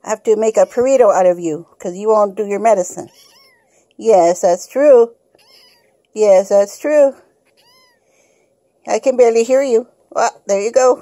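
A woman's voice: mid-range voice, fast talker, hardly any pauses, warm tone, dry recording, clean studio sound. A woman at home talking to her kitten in coaxing baby talk. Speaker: pet owner filming her kitten. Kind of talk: casual pet video. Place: at home indoors.

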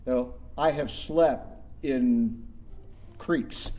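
A man's voice: mid-range voice, extremely slow, warm tone. A middle-aged male pastor delivering a sermon in a church, emphatic and conversational, with rhetorical questions.

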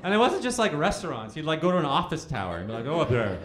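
A man's voice: a little high, huge pitch swings, rapid-fire, heavy background noise. A man in his thirties doing a stand-up comedy set in a bowling alley venue, telling stories animatedly and acting out the dialogue in shifting voices. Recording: roomy live venue with crowd laughter.

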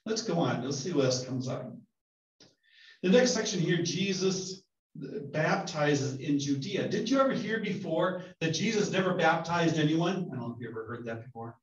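A man's voice: on the high side, expressive, moderate pace. Casual, joking male pastor. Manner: casual, joking, asks the group questions. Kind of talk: conversational bible study teaching. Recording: roomy, distant, dull sound.

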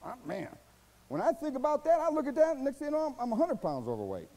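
Folksy male preacher, lively and mellow. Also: quick pace, rough recording. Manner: folksy, colloquial preaching with asides and laughs; swings from low murmurs to loud, high bursts. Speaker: pastor. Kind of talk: sermon.

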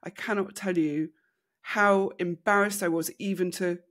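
A woman with a British accent, a podcast co-host telling a candid personal story, animated and laughing through hard memories. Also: fairly low pitch, moderate pace. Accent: British English.

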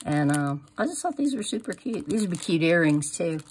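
A woman's voice: lowish voice, sing-song, a little fast, darkish tone, slight background noise. A middle-aged woman chatting casually through a crafting haul, gushing over each item and trailing off into fillers. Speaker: crafting vlogger. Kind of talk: casual product haul show-and-tell.

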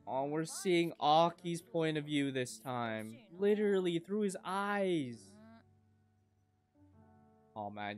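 A woman reacting to an anime episode, excitable and foul-mouthed, breaking into loud outbursts and calling everyone "bro". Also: low voice, a little slow, faint music behind. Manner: excitable, swears a lot, sudden loud outbursts; casual slangy talk, says "bro" a lot. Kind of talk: live reaction commentary.

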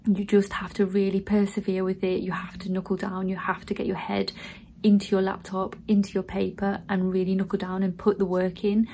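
A woman's voice: medium pitch, completely flat delivery, a little fast, warm tone, slight background noise, rough recording. A woman in her thirties, a student nurse, chatting casually to her viewers and talking them through things step by step. She sounds earnest and encouraging. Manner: chatty, addresses viewers as guys. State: tearful, emotional. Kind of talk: casual vlog.

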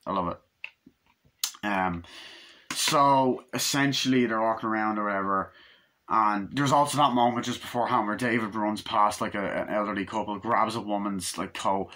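A man's voice: lowish voice, moderate pace, pushed and bright. A man giving a casual, rambling movie review, acting out scenes with quoted voices and swearing.

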